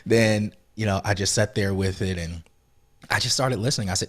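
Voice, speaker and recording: A man speaks as a podcast guest, recounting a personal experience with open emotion. His voice sits on the low side and often drops soft and quiet, then lifts with conviction as he makes his point. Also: steady tone, a little fast. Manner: earnest, emotional, soft-spoken when recounting, rising with conviction. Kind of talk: reflective interview storytelling.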